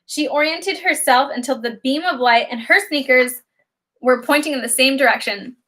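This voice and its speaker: A woman reading a children's novel aloud as an audiobook narrator, in expressive, lively storytelling. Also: sits high, moderate pace.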